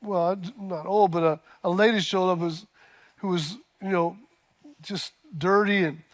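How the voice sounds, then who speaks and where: A male pastor with a high-pitched voice delivers a sermon. He tells a story with frequent fillers and restarts, then builds to loud, emphatic peaks. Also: fairly even intonation, measured pace.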